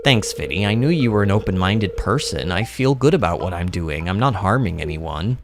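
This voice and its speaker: Man voicing a meek hermit, quiet, low, slow, game character. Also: animated, noisy background.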